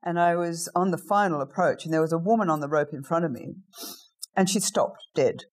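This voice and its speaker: A woman's voice: lowish voice, fairly quick. Australian woman telling adventure stories. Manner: lively anecdotal storyteller, acts out quoted lines. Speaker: guest. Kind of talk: casual interview storytelling.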